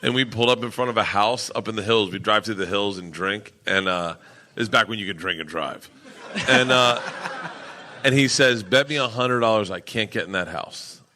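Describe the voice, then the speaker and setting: A man's voice: lowish voice, moderate pace, bright, forceful tone, slight background noise. A man on a comedy panel, laughing his way through a wild story. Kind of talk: loud storytelling banter.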